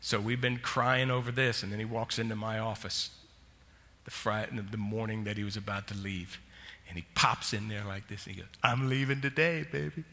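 A man's voice: fairly low pitch, flat delivery, normal speed, pushed and bright. A male senior pastor preaching a sermon, telling a personal story with feeling and closing in prayer. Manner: emotional storytelling, ends in prayer. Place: church sanctuary. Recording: long church hall reverb.

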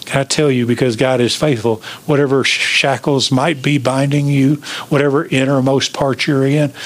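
A pastor preaching an emphatic sermon, asking the congregation questions. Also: male voice, medium pitch.

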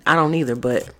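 A woman with a low voice hosts a casual vlog. She reads out advice and reacts with blunt, profane candor. She trails off into plenty of fillers as she goes. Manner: candid and profane, with frequent fillers. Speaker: vlog host. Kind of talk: casual chat, reading out viewer advice.

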